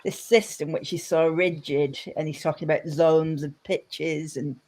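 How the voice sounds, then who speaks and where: A woman's voice: low-pitched, measured pace. A woman speaking as a podcast guest, casual and emphatic. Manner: animated, emphatic. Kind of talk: casual chat.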